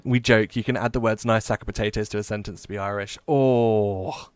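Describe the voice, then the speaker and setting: A man's voice: lowish voice, fairly even intonation, brisk, smooth, dry recording. A man with a mixed Essex and Midlands English accent, chatting casually and jokingly with his live-stream chat while playing a game. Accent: mix of Essex and Midlands English. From England.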